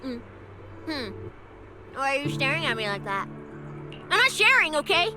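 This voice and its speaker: Bubbly snack-crazy young agent girl, super high voice, music under it. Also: big pitch swings, normal speed. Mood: playful. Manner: playful, teasing, food-obsessed. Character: bubbly greedy young female public security specialist. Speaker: game character. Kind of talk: video game dialogue. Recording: game audio with music behind.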